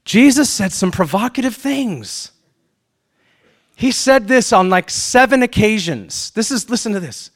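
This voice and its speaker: A male pastor delivering a sermon in a notably high voice. He preaches with animation, acting out little question-and-answer exchanges. He swings from loud emphatic peaks to soft, hushed asides. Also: animated, a little slow.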